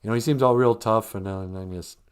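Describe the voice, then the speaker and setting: A man's voice: fairly low pitch, fast, smooth. A man hosting a live stream, chatting casually in a joking, rambling way and reading out viewer comments. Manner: joking, rambling, reads chat comments aloud.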